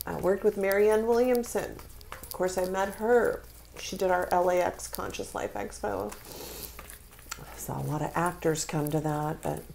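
A woman's voice: medium pitch, vocal fry, a little mellow, a little hiss or hum. A woman giving a tarot reading, speaking with spiritual feeling and emotion, close to tears. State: tearful. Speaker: tarot reader.

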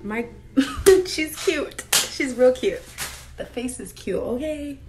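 A woman in her twenties talking to camera in a casual vlog, telling stories in an animated, slangy, emphatic way. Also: high-pitched, slow pace, music in the background. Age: 20s. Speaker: vlogger.

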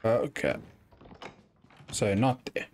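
A man's voice: fairly low pitch, animated, slow, a little mellow, slight background noise. A man giving let's play commentary, chatting and muttering to himself as he plays a video game. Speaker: gaming YouTuber.

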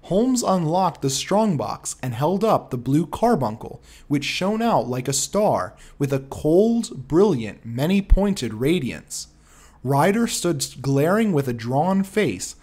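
Expressive male audiobook narrator. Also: fairly high pitch. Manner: measured, expressive reading. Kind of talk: storybook narration.

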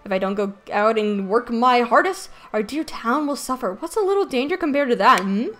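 A woman's voice: fairly high pitch, animated, fairly quick, a bit bright. A woman doing an earnest townsman. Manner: earnest, dutiful.

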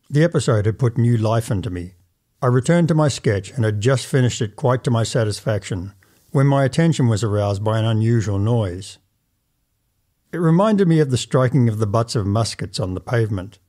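A man narrating an old first-person story as a measured, formal audiobook reading. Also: mid-range voice, expressive, mellow.

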